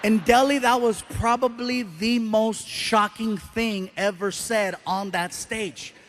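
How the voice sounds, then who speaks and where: High-pitched guy doing standup, super animated, shouty bits, faint room noise. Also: slow. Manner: animated, acts out voices, shouts punchlines. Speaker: stand-up comedian. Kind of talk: stand-up storytelling.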